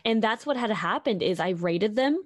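A young woman streamer telling a story in casual conversation, animated, acting out what people said with lots of "like". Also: medium pitch, normal speed, no echo. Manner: animated storytelling, acting out quoted exchanges, many likes. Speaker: Twitch streamer.

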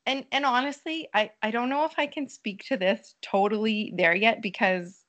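A woman's voice: a little high, moderate pace, fairly bright tone. A woman who is a mother, guesting on a casual podcast and speaking thoughtfully and hesitantly with many fillers. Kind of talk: casual chat.

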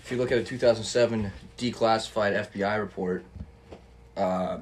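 A young man with a fairly low voice chats loosely on a podcast, relaxed and profane, chuckling now and then. A faint hiss of room noise sits under him. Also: normal speed. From Canada. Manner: laid-back, swears freely, laughs often. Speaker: podcast host. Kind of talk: casual chat.

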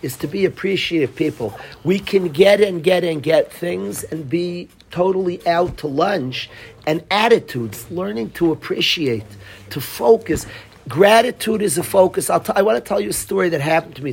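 A middle-aged man, a rabbi, giving a Torah lecture to a congregation, telling stories with animated delivery and scattered Hebrew and Yiddish terms. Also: a little high, moderate pace, creaky, slight background noise.

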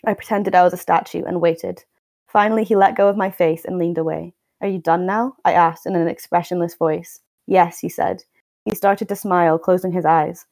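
A woman's voice: fairly low pitch, fairly even intonation, a little fast, vocal fry, darkish tone, no echo. A young woman hosting a podcast, reading a novel aloud and then commenting with exasperated, wry remarks. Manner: wry, exasperated, stumbles and restarts while reading. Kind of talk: book reading and casual commentary.

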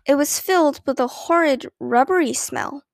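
A woman narrating a children's storybook with a clear, expressive reading. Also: sits high, normal speed, no echo, clean studio sound. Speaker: audiobook narrator.

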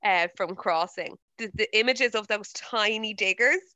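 A young Irish woman co-hosting a podcast, telling stories in an animated way, swearing and laughing a lot. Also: medium pitch, measured pace, no echo. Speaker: podcast co-host. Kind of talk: casual chat.

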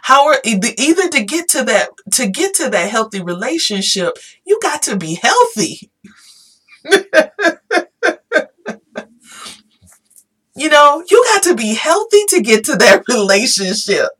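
A woman's voice: a little high, moderate pace, few pauses, slightly rough. Woman hyping up her viewers, repeats herself a lot, emphatic and a bit emotional. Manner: animated, repetitive, emphatic, Southern-style "y'all"; becomes emotional at times. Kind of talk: casual motivational talk to viewers.

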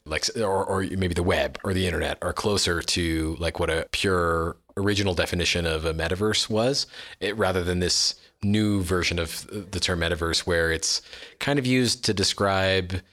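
A man's voice: deep voice, normal speed, a bit bright. A man hosting a podcast, asking long, carefully qualified questions. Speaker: podcast host. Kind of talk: casual interview conversation.

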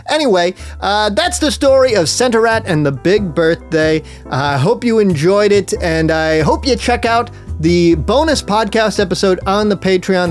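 A man narrating a comic children's-style story, deadpan with crude rambling asides. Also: high voice. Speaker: storyteller and podcast host.

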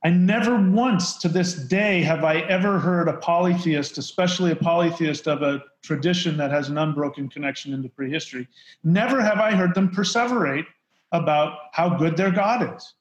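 A man's voice: fairly high pitch, moderate pace. A man speaking as a podcast guest, talking emphatically in a casual conversation. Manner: emphatic, mocks preachers in put-on voices. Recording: roomy, dull lo-fi sound.

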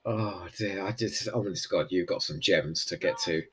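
A man's voice: sits low, normal speed. A man chatting casually as a podcast co-host, enthusiastic and full of trivia. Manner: animated, enthusiastic, fond of trivia. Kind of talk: casual chat.

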